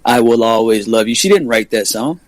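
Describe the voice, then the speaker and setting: A man's voice: mid-range voice, animated, moderate pace, no room sound. Man, combative talk show co-host, dry close sound, keeps pushing his point. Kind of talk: heated debate.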